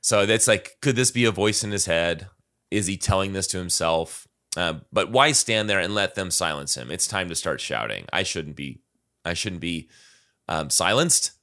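A man with a low voice and a bright, forceful edge talks through song lyrics in a relaxed, conversational way. He reads lines aloud, then works out their meaning with frequent fillers and restarts. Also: normal speed. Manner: thoughtful, reads lyrics aloud and unpacks them with many fillers. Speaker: podcast co-host discussing song lyrics. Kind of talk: casual conversational analysis.

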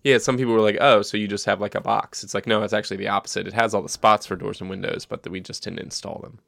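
A man's voice: lowish voice, fairly even intonation, quick pace, gravelly, a bit bright, no echo, clean studio sound. A man hosting a casual podcast from home over a call, jokey and rambling, poking fun at himself. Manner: jokey, rambling, self-deprecating. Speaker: podcast host.

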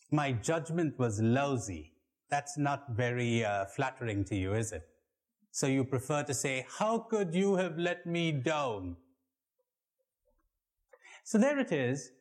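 A man leading a spiritual retreat, telling stories and acting out the voices in his jokes for a live audience, in an archive recording. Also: mid-range voice. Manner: animated storyteller, acts out joke voices. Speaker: retreat leader.

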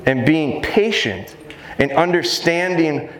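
A man who trains dogs, giving a live seminar and talking fast and jokingly with the crowd in a large hall. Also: on the high side. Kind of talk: live seminar talk to an audience. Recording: roomy live hall sound, faint noise.

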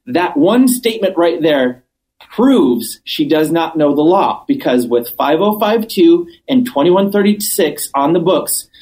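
A man chatting as a podcast guest, telling stories with animated, acted-out quotes and emphatic repetition. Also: a little high, unhurried, poor audio. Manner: animated storyteller, acts out quotes; emphatic, repeats points. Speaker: cannabis business owner, guest. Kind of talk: casual interview chat.

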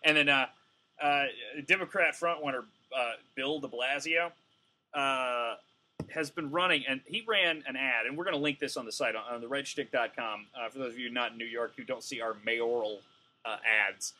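A man's voice: mid-range voice, normal speed, pushed and bright. A man co-hosting a podcast, ranting with heat in a profane, casual way, full of fillers. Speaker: podcast co-host. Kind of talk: casual comedic rant.

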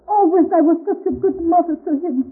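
A woman's voice: very high voice, a little fast, narrow, tinny audio. A tearful old immigrant mother. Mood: fretful. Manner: pleading, sobbing broken English. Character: tearful immigrant mother, older woman, doting and fretful. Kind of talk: 1930s radio drama acting. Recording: scratchy 1930s radio transcription.

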